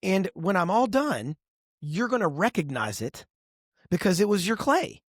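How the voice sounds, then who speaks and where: A middle-aged man co-hosting a podcast, telling stories in a lively, expressive way. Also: high voice, a little slow, dry recording, clean studio sound. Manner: animated storyteller, lively and expressive. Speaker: podcast co-host. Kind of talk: casual podcast conversation.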